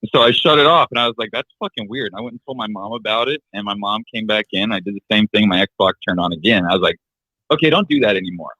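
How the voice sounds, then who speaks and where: Young man with a low, bright voice. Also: quick pace, dry recording, low-quality recording. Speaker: guest family member. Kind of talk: casual storytelling chat.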